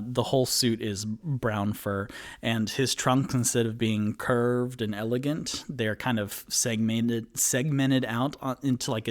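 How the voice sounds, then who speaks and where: A man narrating a solo tabletop game as game master, rambling and hesitant with many fillers. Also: mid-range voice.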